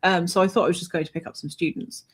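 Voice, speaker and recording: A woman guest telling a personal anecdote in a lively, conversational way, often laughing and swearing. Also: on the low side, quick pace, husky. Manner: animated, laughing, swears freely. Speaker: author guest. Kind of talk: conversational storytelling.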